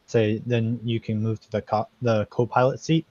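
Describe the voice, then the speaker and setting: A man's voice: on the low side, little pitch movement, moderate pace, darkish tone, no echo. A man playing a tabletop game as a senator character, casual and dry-humored. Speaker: player. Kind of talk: in-character role-play chat. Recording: dull, lo-fi mic, dry.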